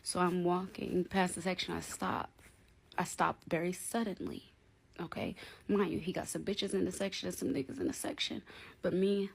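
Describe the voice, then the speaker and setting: Husky woman telling a blunt storytime. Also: on the low side, normal speed. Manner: blunt, animated, slangy, asks "okay?" to her viewers. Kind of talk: casual storytime vlog.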